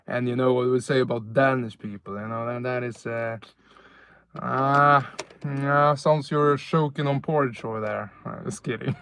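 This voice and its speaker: A man's voice: medium pitch, gravelly, fairly bright tone, clear, resonant tone. A man from northern Sweden with a Swedish accent, chatting casually on a live stream outdoors at night, laid-back and rambling with fillers and self-corrections.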